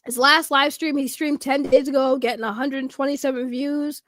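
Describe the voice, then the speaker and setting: A woman doing casual YouTube commentary, animated and profane, laughing in disbelief. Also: high-pitched, moderate pace.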